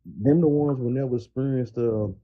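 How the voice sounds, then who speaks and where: A man's voice: medium pitch, moderate pace. A middle-aged man co-hosting a podcast, speaking in a preachy, emphatic way about keeping it real. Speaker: podcast co-host. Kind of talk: casual podcast talk. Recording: dull, muffled sound.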